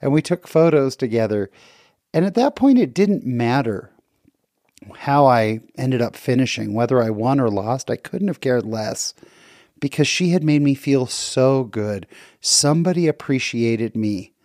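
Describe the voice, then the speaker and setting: Middle-aged man, mellow voice, dry close sound, earnest reflective storytelling. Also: mid-range voice, expressive, a little slow, dry recording. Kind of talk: personal story talk.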